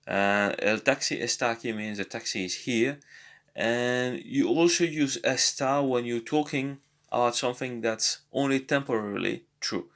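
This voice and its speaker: A man's voice: mid-range voice, moderate pace, fairly bright tone. Hesitant man teaching a language lesson. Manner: hesitant, many fillers and restarts. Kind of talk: casual spoken lesson.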